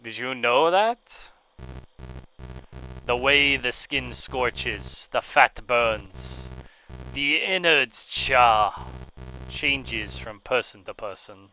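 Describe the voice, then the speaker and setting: Pyro villain, slow and menacing, bright edge, a gamer reading the lines. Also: male voice, mid-range voice, animated, creaky, soft background music, heavily acted, poor audio. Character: cruel male flamethrower villain, boastful and menacing. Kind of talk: reading game dialogue aloud.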